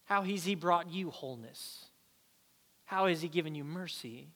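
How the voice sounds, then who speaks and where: A male pastor in his thirties preaching a sermon and telling a personal story with lively, animated delivery. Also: a little high, moderate pace, in a large hall. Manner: animated storyteller, acts out voices.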